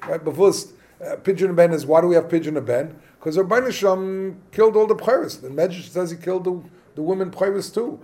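A man leading a Talmud study class, explaining the text animatedly and thinking aloud with quick restarts. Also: high voice, darkish tone. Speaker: Talmud teacher.

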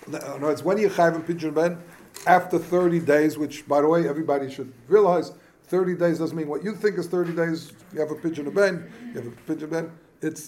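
Higher-voiced man teaching a Talmud class. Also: darkish tone, a little hiss or hum. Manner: halting, repeats words, asks rhetorical questions; mixes Yiddish-Hebrew study terms into speech. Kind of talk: informal Talmud lecture.

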